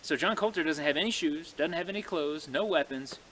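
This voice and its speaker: A man's voice: a little high, fairly quick, slight background noise. Folksy male frontier storyteller. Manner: folksy, animated, talks to the audience. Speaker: living history storyteller. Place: outdoors in snowy woods.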